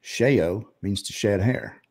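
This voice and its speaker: A man with a very deep voice hosts a relaxed interview. He tells stories at an easy pace, with drawn-out asides. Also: vocal fry, husky. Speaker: show host. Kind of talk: casual interview chat.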